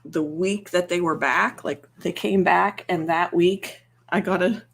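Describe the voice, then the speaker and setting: A young woman with a slightly low voice chats in an easy, rambling way. She is soft-spoken and laughs often as she goes. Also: measured pace, creaky, breathy edge. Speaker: ASMR channel host. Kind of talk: casual chat on a livestream.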